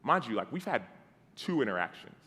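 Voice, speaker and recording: A man in his thirties preaching a conversational storytelling sermon. He acts out the dialogue and drops to soft tones. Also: mid-range voice, very animated, brisk. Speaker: guest preacher. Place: church sanctuary. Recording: long hall reverb.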